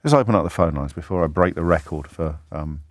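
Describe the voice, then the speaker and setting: A man hosting a talk radio phone-in, speaking in an animated, indignant way and firing off rhetorical questions. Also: sits low, fast talker, no echo, clean studio sound. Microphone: studio microphone.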